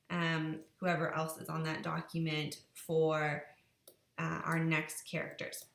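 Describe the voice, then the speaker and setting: A woman's voice: sits low, monotone, slow pace, vocal fry, a bit bright, roomy sound. A woman teacher patiently explaining a group assignment step by step. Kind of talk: classroom instructions.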